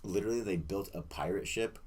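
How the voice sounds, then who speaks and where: Man, young adult, low voice, husky, casual storytelling, swearing. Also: fast. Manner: animated, swearing, laughing through a story. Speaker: guest. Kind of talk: casual storytelling among friends.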